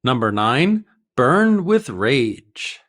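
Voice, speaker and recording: A man teaching an English idiom lesson, explaining each phrase slowly and carefully with example sentences. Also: medium pitch, big pitch swings, fairly bright tone.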